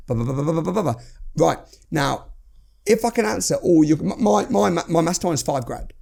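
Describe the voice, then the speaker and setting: A man's voice: fairly high pitch, lively intonation, brisk, gravelly, darkish tone. A man, a guest on a podcast, talking bluntly and animatedly about sales and acting out calls. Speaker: entrepreneur guest. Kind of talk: casual podcast conversation.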